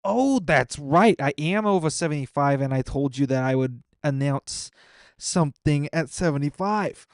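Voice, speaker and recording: A man streaming a game live, teasing viewers about their accounts in an excitable, incredulous way, rambling and restarting when stressed. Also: on the high side, normal speed, clean tone, no room sound, clean studio sound. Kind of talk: live gaming stream commentary.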